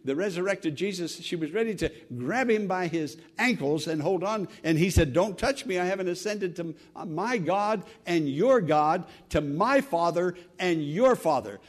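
A man's voice: sits high, lively intonation, moderate pace, few pauses. A man preaching an earnest sermon, building to emphatic exclamations. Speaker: pastor.

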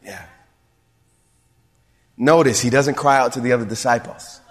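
A man's voice: mid-range voice, a little slow. A man, a pastor, preaching a sermon to his church, building to emphatic calls and asking the congregation if they hear him. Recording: long reverb of a large hall.

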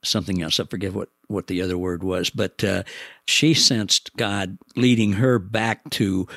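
Man, host, low gravelly voice, dry close sound, gentle admiring talk. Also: fairly even intonation, measured pace, dry recording. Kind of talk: casual spiritual interview.

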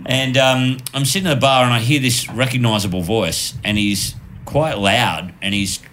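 On a podcast, a man tells casual stories, laughing often and acting out the voices of the people he quotes. His voice sits at medium pitch with a moderate pace, and there's a slight hiss or hum in the recording. He comes across as animated throughout this easygoing storytelling chat.

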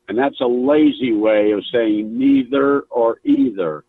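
A man's voice: medium pitch, a little slow, few pauses, breathy edge, no echo. A man calling a radio show, ranting in an indignant, preachy way. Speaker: caller. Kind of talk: recorded voicemail rant. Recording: tinny phone line.

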